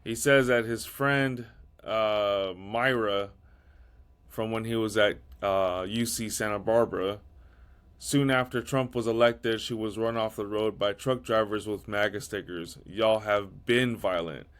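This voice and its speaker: A man's voice: lowish voice, fairly even intonation, a little slow, a bit bright, clear, resonant tone. A man holds forth on a casual podcast, blunt and profane. He stumbles through repeated restarts before getting his point out. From California. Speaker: podcast host.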